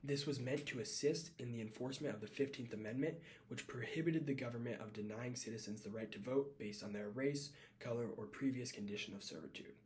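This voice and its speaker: A man's voice: medium pitch, brisk, hardly any pauses, a little mellow. Guy reading his class presentation off a script, stumbles a bit and fixes it, mid voice, faint hum in the background. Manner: reads from a script with small slips and self-corrections. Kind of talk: read-aloud class presentation.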